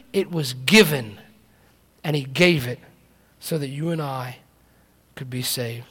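A man preaching a sermon. He moves from quiet reflective talk to loud emphatic preaching, repeating key phrases and restarting. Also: on the high side, breathy edge. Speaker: pastor.

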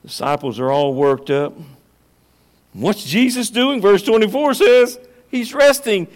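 Guy preaching slow and high, big echoey church hall, goes hushed then loud. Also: lively intonation. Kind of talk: sermon.

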